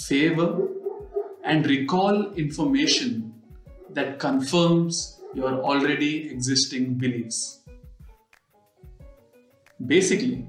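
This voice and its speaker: A male host with a slightly raised pitch walks the listener through a personal anecdote in casual, explanatory talk. His delivery is loose and chatty, sprinkled with "you know." The voice rings in an echoey room over faint background music. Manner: conversational storytelling with frequent "you know" fillers. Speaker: podcast and video host.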